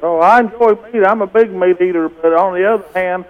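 Man, radio caller, high voice, plain-spoken, hesitant, muffled phone line. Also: brisk. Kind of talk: phoned-in question on a radio show.

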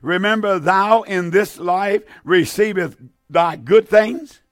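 A solemn old patriarch speaking in archaic, scriptural words, as a preacher puts him on. He delivers gentle judgment in a high, earnest voice. The sound is dry and close. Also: slow, no room sound, soft background music.

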